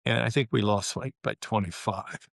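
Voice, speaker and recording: Older guy telling an old locker room story, relaxed and salty, dry close sound. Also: on the low side, moderate pace, creaky, no room sound. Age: 70s. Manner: candid, relaxed, colorful, with frequent fillers. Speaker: guest, former pro basketball player. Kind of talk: casual storytelling interview.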